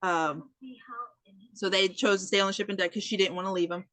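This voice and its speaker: A woman's voice: medium pitch, fairly quick, no room sound. A woman co-hosting a podcast, retelling a film in casual chat, acting out the characters' lines and swearing freely. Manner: animated storytelling, acting out quotes, swears freely. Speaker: podcast co-host. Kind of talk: casual movie recap chat.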